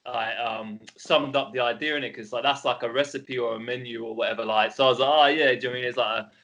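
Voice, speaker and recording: A man's voice: medium pitch, steady tone, quick pace, sharp tone. A man, a guest on a podcast, chatting casually and rambling with plenty of fillers. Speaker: podcast guest, cookbook co-founder. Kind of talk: casual chat.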